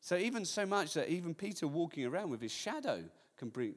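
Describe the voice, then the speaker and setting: A man preaching a sermon as pastor, lively, now and then acting out voices of people in the story. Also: fairly high pitch, a little fast, in a large hall.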